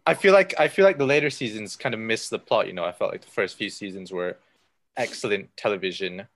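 A man's voice: fairly low pitch, a little fast. A man chatting casually in a group, reflective and full of fillers.

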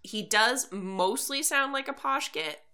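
A woman's voice: on the high side, lively intonation, unhurried, pushed and bright. A woman co-hosting a podcast, recapping a plot from her notes with a dry, wry humor. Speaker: podcast co-host.

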